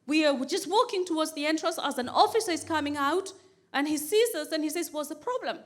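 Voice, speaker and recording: A woman comedian doing stand-up, telling a story with animated delivery and comic repetition. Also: high voice, brisk. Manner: animated storyteller, repeats phrases for comic rhythm.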